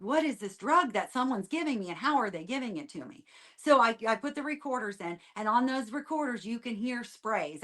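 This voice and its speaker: A woman guest on a podcast giving a rambling personal testimony, repeating herself and trailing off quietly at the ends of lines. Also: fairly high pitch.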